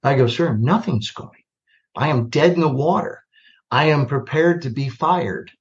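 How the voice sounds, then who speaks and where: Animated older man telling army stories. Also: fairly high pitch, unhurried. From United States. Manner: animated, self-deprecating, acts out dialogue. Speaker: podcast guest, retired army general. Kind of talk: storytelling in a podcast interview. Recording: slightly dull lo-fi podcast audio.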